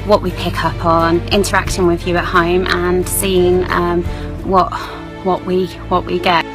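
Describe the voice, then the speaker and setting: A woman and paranormal investigator casually announcing a live stream, relaxed and a bit hesitant. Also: on the low side, unhurried, rough recording. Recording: voice with clear music behind.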